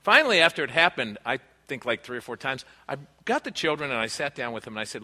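Bright-voiced man preaching in a hall. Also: mid-range voice, sing-song, quick pace, hardly any pauses. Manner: earnest, conversational preaching with personal stories. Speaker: pastor. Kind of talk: sermon. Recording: long reverb of a large hall.

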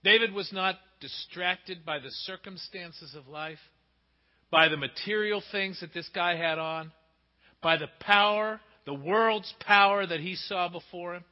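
A man preaching a sermon emphatically, asking rhetorical questions and swinging between loud and hushed delivery. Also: sits high, unhurried. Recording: muffled with long hall reverb.

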